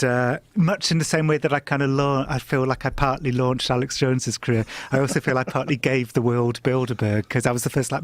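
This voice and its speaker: Laughing middle-aged storyteller man. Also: no echo. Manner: animated, laughing, swearing, jumps pitch when quoting people. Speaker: guest storyteller. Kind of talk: casual anecdote telling.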